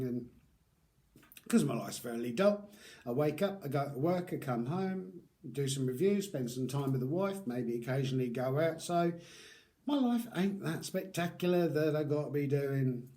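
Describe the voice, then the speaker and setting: A man's voice: mid-range voice, warm tone. A man casually reviewing beard products in a rambling, chatty vlog with lots of fillers.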